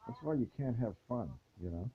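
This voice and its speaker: A man talking alone in a rambling casual monologue, halting often with fillers and restarts. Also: medium pitch, animated, narrow, tinny audio.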